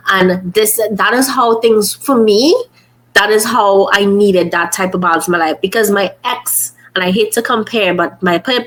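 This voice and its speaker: A young woman hosting a podcast, speaking in a slightly low voice. Her talk is casual and earnest, and she rambles as she thinks aloud, often restarting sentences. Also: a bit bright, poor audio. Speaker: podcast host.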